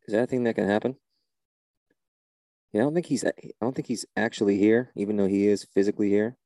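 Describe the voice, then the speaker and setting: A man's voice: fairly low pitch, fast talker, warm tone, no room sound. A man leading a church service in a comedy sketch, talking in an exasperated, flustered way and often repeating himself.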